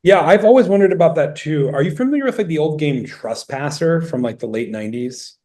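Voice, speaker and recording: A man's voice: a little high, lively intonation, fairly quick, mellow. A man interviewing a guest, asking eager, rambling questions full of hedges and asides. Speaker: interviewer, company co-founder.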